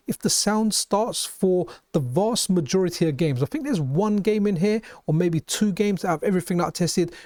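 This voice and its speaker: A man's voice: on the high side, a little mellow, no echo, clean studio sound. A man with a London accent hosting a retro gaming channel, chatting casually over gameplay and often restarting his sentences. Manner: chatty, restarts and repeats words.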